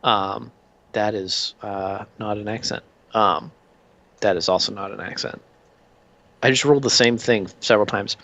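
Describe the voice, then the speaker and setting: A man's voice: lowish voice, fairly even intonation, normal speed, creaky, long pauses, sharp tone. A man narrating a tabletop game as game master, in a loose way with many fillers. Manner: loose, many ums and uhs.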